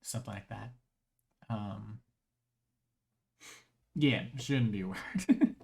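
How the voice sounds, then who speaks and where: A live streamer in casual chat, rambling and restarting phrases, voice strained with frequent throat clearing. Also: mid-range voice, takes it slowly, darkish tone.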